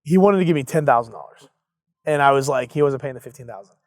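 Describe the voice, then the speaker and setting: A man's voice: medium pitch, animated, fast talker, dry recording, studio quality. A young adult man, an entrepreneur guest in an interview, telling his story casually and acting out both sides of past conversations.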